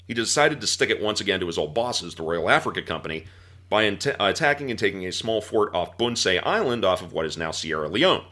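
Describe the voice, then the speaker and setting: Lively, bright-voiced man telling history. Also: low-pitched, quick pace. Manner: animated storyteller, breaks into laughter and mock voices. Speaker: podcast host telling history. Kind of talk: history storytelling podcast.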